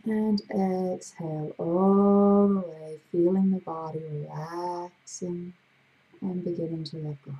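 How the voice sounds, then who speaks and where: A woman hypnotherapist with a gravelly voice, leading a slow, soothing guided breathing exercise. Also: on the low side, steady tone, muffled recording. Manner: slow, soothing, drawn-out guidance.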